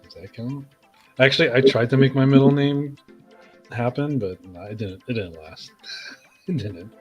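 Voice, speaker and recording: A man's voice: mid-range voice, moderate pace, muffled recording. A young man chats casually as a podcast co-host. He laughs often and keeps prodding the others with playful questions. Faint music plays behind him. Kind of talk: casual chat.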